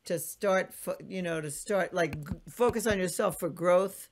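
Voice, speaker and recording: A woman's voice: on the low side, unhurried, a little hiss or hum. A woman hosting a podcast in casual conversation, effusive and emphatic, acting out quotes in a raised voice. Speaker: podcast host.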